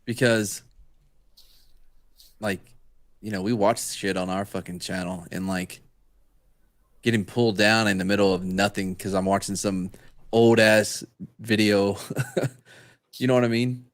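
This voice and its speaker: Low-voiced laid-back co-host. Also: male voice, steady tone, unhurried, long pauses, dry recording. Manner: laid-back, profane slang. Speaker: podcast co-host. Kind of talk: casual podcast chat.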